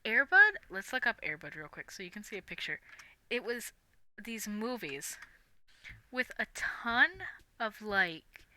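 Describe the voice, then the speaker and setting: A woman's voice: mid-range voice, very animated, a little slow, bright, forceful tone. A young woman live-streaming, chatting casually in a rambling, giggly way with lots of fillers. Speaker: livestream host.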